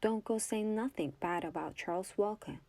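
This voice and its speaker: Give me a woman doing a drunk male sheriff with a slow drawl, in a soft whispered role-play. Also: medium pitch, no echo, close to an everyday voice. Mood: leering.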